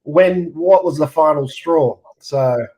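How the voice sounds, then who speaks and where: High-voiced male podcast co-host. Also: slow pace, mellow. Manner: chatty, stumbling restarts. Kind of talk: casual podcast interview.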